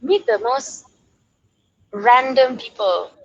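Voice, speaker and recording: A woman's voice: fairly high pitch, takes it slowly, slightly rough, lo-fi sound. A young woman from Malaysia, a singer-songwriter, telling a story in a casual interview and acting out quoted voices. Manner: lively, acts out quoted voices, laughs often.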